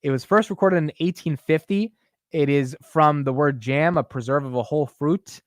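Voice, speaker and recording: Male market-stream host, lively chatty delivery, dry close sound. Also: on the high side, moderate pace, no room sound. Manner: animated and chatty, reads chat aloud, laughs easily. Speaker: stock market livestream host. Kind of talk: casual live market chat.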